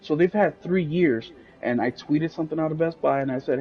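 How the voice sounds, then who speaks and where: Man co-host with a higher voice who rants bluntly and swears a lot, on a dull-sounding podcast mic. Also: brisk, hardly any pauses. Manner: ranting, blunt, swears freely. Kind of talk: casual gaming podcast chat.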